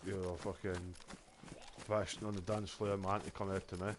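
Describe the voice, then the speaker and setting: Scottish male streamer, low-pitched, loose and profane storyteller. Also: little pitch movement, fairly quick, noisy background. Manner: sweary, rambling storyteller. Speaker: game streamer. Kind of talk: casual chat while gaming.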